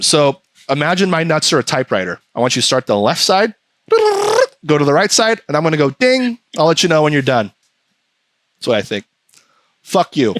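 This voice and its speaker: A man's voice: fairly high pitch, fairly bright tone, no echo. A man hosting a podcast, ranting profanely in casual chat and slipping into mocking voices. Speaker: podcast host.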